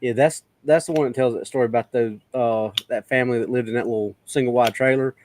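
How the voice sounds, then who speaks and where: A man's voice: mid-range voice, fairly even intonation, quick pace, noisy background. A man on a casual podcast, repeating words as he thinks aloud.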